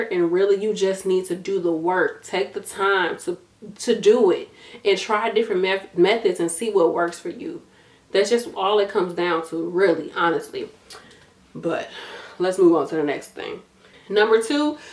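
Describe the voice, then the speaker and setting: A nursing YouTuber offers study advice in a casual vlog, sounding tired as she coaches in a direct, matter-of-fact way. She uses slang like "y'all" and "gonna" and repeats herself for emphasis, her medium-pitched voice carrying a roomy sound.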